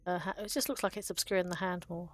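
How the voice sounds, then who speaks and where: Talking fast in a lowish, steady voice, this woman presents a video about card game art. She sounds casual and affectionate, often saying um and laughing softly.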